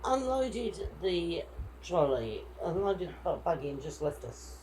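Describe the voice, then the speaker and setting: Low-voiced woman, chatty. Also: very animated, measured pace, mellow, a little hiss or hum, low-quality recording. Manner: chatty, indignant retelling with quoted dialogue. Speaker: vlogger. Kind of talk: casual storytelling chat.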